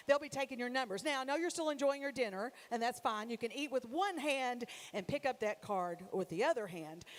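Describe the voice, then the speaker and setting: A woman working as auctioneer at a charity gala, rallying the crowd and calling bid numbers rapidly. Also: sits high. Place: gala dinner hall.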